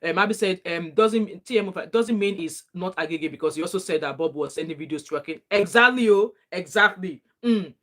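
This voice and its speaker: A woman's voice: fairly low pitch, brisk, few pauses, a bit bright. A woman giving opinionated, chatty commentary on a clip as a reaction vlogger. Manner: opinionated, chatty, greets viewers. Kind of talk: casual commentary on a played clip.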